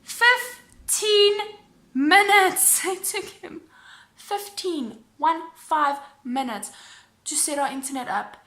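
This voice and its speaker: A woman vlogger telling a storytime in a lively way, acting out both sides of phone calls. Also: sits high, slow, roomy sound. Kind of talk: storytime vlog.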